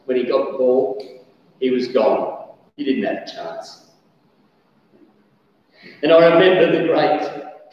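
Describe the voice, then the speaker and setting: A man preaching a lively sermon, telling stories with sudden shouted bursts. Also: mid-range voice. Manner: animated storytelling, bursts of shouting. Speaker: pastor. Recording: echoey hall, distant dull mic.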